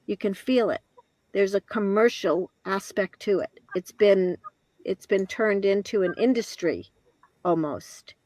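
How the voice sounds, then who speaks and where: Speaking in a mid-range voice with no echo, a woman in her later years recounts something personal as an interview guest. The delivery is reflective and halting, broken by restarts and quiet laughs.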